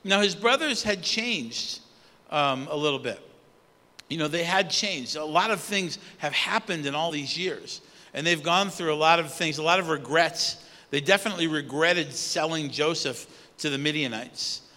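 A man preaches in a loose, conversational way, pausing on fillers and restarting his sentences. His voice sits high and sounds bright and forceful. A long reverb trails each phrase, as if he is in a large hall. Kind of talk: sermon.

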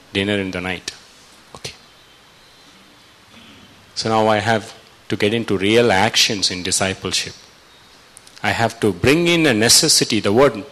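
A man delivers a sermon in a fairly low voice. He retells a scripture story and acts out its quotes. His voice swings from soft, slow stretches to sudden loud, raised lines. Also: poor audio. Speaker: preacher.

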